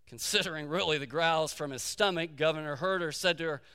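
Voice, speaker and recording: A man's voice: on the high side, fairly quick, pushed and bright, clean tone. A man preaching a sermon as pastor, telling a story and repeating key phrases for emphasis. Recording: long hall reverb.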